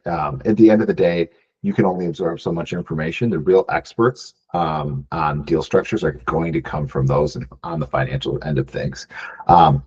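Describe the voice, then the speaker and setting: A Michigan man, a business buyer appearing as a guest, answers interview questions in a casual way. His voice is low and husky with a darkish tone, and the audio is lo-fi. He says "um" a lot, restarts phrases often, and keeps tagging on "right?"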